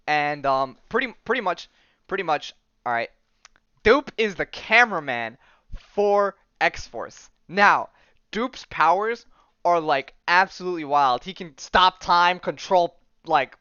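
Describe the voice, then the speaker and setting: A man's voice: on the high side, lively intonation, slow pace, sharp tone, clear, resonant tone, no echo, muffled recording. A man hosting a podcast, recapping comics in a casual, rambling way, full of "like", "um" and slang. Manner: rambling, heavy use of "like" and "um"; enthusiastic slang, says "dude" and "bro". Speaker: podcast host.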